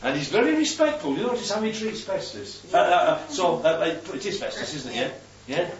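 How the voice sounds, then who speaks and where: Preacher, man, animated and fairly high, roomy, dull recording with a faint hum. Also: fairly quick, distant mic. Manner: conversational, keeps asking "yeah?". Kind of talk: Bible teaching sermon.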